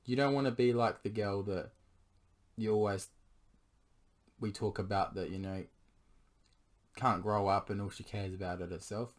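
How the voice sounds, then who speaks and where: This is a vlogger's late-night confession to his partner, delivered in a hoarse, slightly low voice with a steady tone. He pleads sincerely and keeps stopping to clear his throat as his voice gives out.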